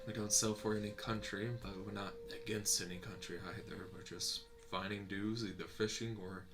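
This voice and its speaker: A man's voice: fairly low pitch, steady tone, moderate pace. A man playing a ship's captain in a tabletop game, speaking plainly. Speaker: player. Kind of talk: tabletop role-play.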